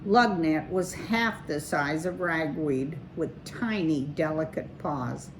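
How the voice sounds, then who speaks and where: Slow, measured woman reading aloud. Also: sits low, slight background noise, rough recording. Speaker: children's story reader. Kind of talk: reading a chapter book aloud.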